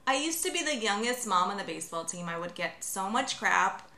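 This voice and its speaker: A woman's voice: mid-range voice, animated, fairly quick, roomy sound, a crowd in the background. A woman in her thirties co-hosting a podcast in casual chat, giggly and chatty with lots of filler. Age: 30s. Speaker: podcast co-host.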